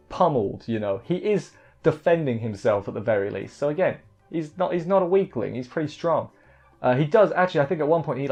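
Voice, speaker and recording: A man's voice: mid-range voice, darkish tone. A man casually recapping an anime episode, rambling, restarting words and filling gaps with "like" and "you know". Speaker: anime reviewer. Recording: dull lo-fi audio with faint music.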